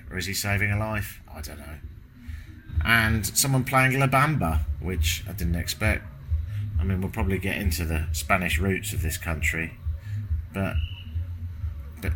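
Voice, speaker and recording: Jet-lagged British man, bright voice. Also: on the low side, slight background noise. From Britain. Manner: wry, self-deprecating, sweary. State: jet-lagged, up all night. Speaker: travel vlogger. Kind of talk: casual travel vlog monologue. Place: hotel room with windows closed.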